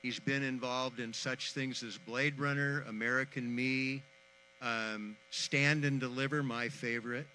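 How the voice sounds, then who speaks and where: A man opens an outdoor ceremony, earnest and slightly halting as he leads the crowd. His voice is bright and crisp, with a faint hum underneath the microphone. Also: medium pitch, steady tone, rough recording. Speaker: event organizer introducing the host. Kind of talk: public announcement at a memorial ceremony. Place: outdoor community event.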